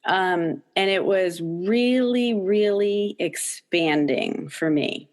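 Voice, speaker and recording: A woman's voice: medium pitch, takes it slowly. A middle-aged woman talking candidly as an interview guest, emphatic and swearing freely, her voice jumping up when she quotes her own thoughts. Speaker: podcast guest, author.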